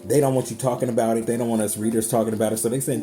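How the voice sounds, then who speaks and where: A man's voice: medium pitch, level tone, rapid-fire, mellow. A man giving a casual tarot reading to his viewers, chatty and emphatic, swearing freely. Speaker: tarot card reader. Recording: music playing underneath.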